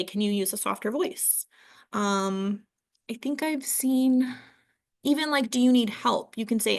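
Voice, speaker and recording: A woman's voice: medium pitch, gravelly. A young woman giving a casual training talk on behavior support, chatty and loose, with many ums and likes.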